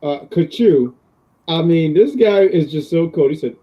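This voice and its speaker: A man co-hosting a casual chat podcast, animated and often laughing as he acts out lines. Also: high-pitched, moderate pace, dull audio, slight background noise. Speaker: podcast co-host.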